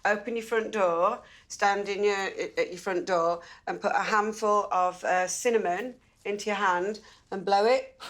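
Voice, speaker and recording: Earnest lady guest explaining stuff, middle pitch. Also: steady tone, normal speed, fairly bright tone. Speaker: contestant.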